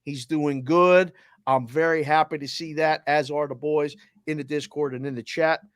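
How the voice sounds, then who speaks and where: This man speaks in a Boston accent with a fairly high voice. He hosts a casual sports talk show and fires off energetic listener shout-outs. The sound is dry and close. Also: moderate pace, no room sound. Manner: energetic, shout-outs with area codes and towns. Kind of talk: roll call of listeners, casual.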